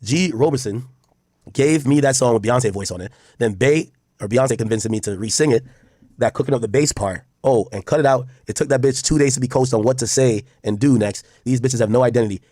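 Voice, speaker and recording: A man's voice: medium pitch, brisk, mellow, no room sound, studio quality. A man streaming casual commentary to his chat, reading posts aloud and reacting bluntly, with frequent profanity.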